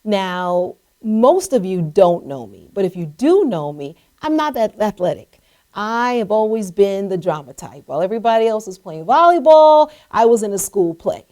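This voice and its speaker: A woman's voice: medium pitch, moderate pace. A middle-aged woman hosting a show, telling an inspirational personal story and acting out the voices of the people in it. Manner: animated, acts out voices in her story. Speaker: host.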